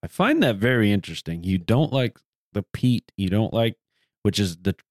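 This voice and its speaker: A man's voice: lowish voice, very animated, moderate pace, dry recording, clean studio sound. A man from the American South co-hosting a casual podcast, blunt and joking. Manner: blunt, joking, profane banter. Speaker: podcast co-host. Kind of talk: casual chat.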